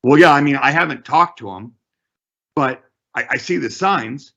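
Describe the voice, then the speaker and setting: A man's voice: medium pitch, normal speed, creaky, a bit bright, dull audio, pitched above the performer's own voice. A man voicing a defensive, unsure home seller who stammers and repeats himself.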